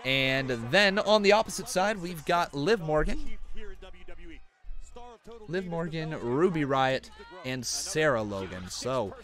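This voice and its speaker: A man hosts a live stream, chatting about a wrestling show while it plays and reading out viewer donations. His voice is a little high and slow, with frequent pauses, and he gets excitable when big moments hit.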